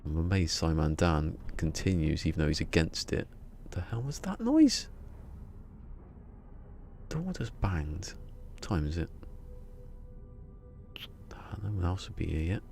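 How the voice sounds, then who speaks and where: A man's voice: very deep voice, moderate pace, creaky, darkish tone, slight background noise. A man chatting casually on a live game stream, joking and rambling with frequent laughter.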